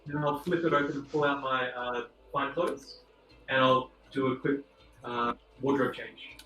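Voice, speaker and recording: A man's voice: mid-range voice, fairly even intonation, measured pace, a bit bright. A man playing a tabletop game, hesitantly describing his character's actions. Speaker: player. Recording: echoey room, far from mic.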